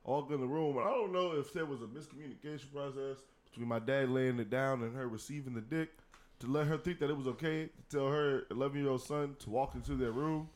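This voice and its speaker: A man co-hosting a podcast, telling a profane story with animated energy. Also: medium pitch. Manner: animated, profane storyteller who acts out the scenes. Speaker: podcast co-host. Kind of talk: casual chat, telling a funny story.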